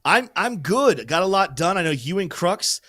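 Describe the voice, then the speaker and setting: A man hosting a crypto show, talking in an upbeat, joking way as he walks viewers through charts. His voice sits fairly high and swings widely in pitch. The sound is dry and close, with no room echo. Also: normal speed. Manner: energetic, joking, hypes viewers. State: teary-eyed. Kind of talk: casual market commentary.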